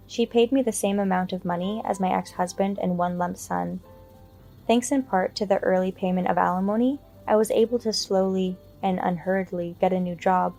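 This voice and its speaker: A woman narrating a first-person story in an even, matter-of-fact way, over faint music. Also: lowish voice.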